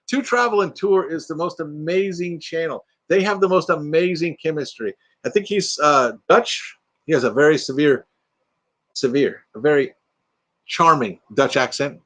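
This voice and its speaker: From a home room with a green screen, an older man runs a casual live chat with his viewers, reading comments aloud and frequently laughing. His voice is a little high and a bit bright.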